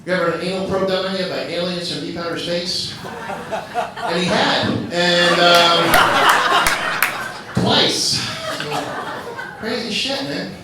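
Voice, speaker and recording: A man's voice: high-pitched, slow pace, long pauses. A man doing loose, profane stand-up comedy and teasing the crowd as host of a live open mic. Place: comedy club. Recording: echoey club, far from mic, audience noise.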